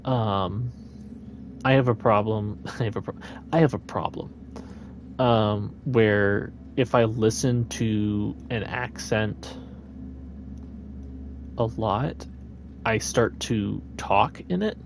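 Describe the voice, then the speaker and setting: Low gravelly man streaming a game. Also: takes it slowly, long pauses, slight background noise. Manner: chatty and meandering, thinking aloud. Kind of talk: live gameplay commentary.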